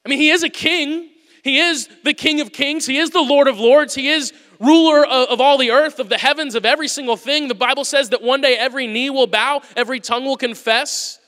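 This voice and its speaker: A man preaching a conversational sermon, going from loud emphasis to quiet asides. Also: very high-pitched, a little fast. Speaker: pastor. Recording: long hall reverb.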